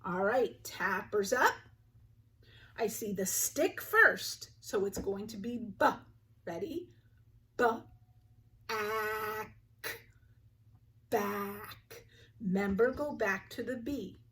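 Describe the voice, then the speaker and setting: A young woman teacher with a medium-pitched, expressive, slightly bright voice leads a phonics lesson for young children. She is clear and patient, sounding out each word slowly and having the kids repeat it. Her voice sounds a little distant from the mic.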